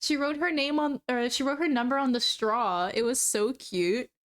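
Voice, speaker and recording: A woman in her twenties chats casually on a live stream while working on a cosplay, with a slightly high voice. She rambles through stories, full of fillers and little laughs. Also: moderate pace, fairly bright tone. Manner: giggly, rambling storyteller with frequent laughs and fillers. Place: home room while crafting. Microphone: streaming setup.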